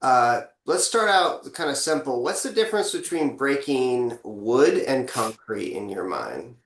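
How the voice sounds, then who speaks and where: A man's voice: mid-range voice, very animated, a little slow, a little hiss or hum. Man, podcast host, easygoing, conversational, affirming, roomy echo. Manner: easygoing, lots of "you know" and affirming murmurs. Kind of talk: casual interview.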